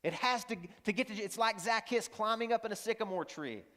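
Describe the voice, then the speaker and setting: A man's voice: high-pitched, fairly quick, bright, forceful tone. A male pastor preaching a sermon in a school auditorium, earnest and emphatic, repeating lines and asking the audience questions. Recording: long hall reverb from the auditorium.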